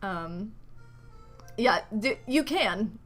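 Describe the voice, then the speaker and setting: A woman's voice: medium pitch, expressive, drawn-out words, a bit bright. A woman in her thirties, chatting casually and rambling on a live game stream, greeting viewers, while talking around a retainer. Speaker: streamer playing a video game. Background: faint game music.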